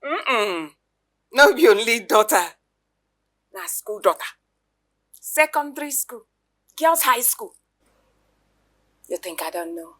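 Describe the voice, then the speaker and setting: A Nigerian woman playing a jealous, dramatic girlfriend in a Nollywood film, loud and mocking. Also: a little high, very animated, slow, pauses often, exaggerated voice. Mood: scheming. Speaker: actress.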